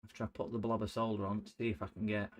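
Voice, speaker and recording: There's little pitch movement in this middle-aged man's fairly low voice, and he talks quickly. He's a livestreamer working on an electronics repair, chatting casually with jokes, tangents, and bits of singing and humming.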